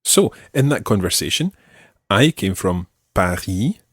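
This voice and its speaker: Male teacher, low voice, lively intonation, dry studio sound. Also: breathy edge, no echo. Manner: slow, deliberate, repeats phrases for learners. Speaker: language teacher. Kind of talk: scripted audio lesson.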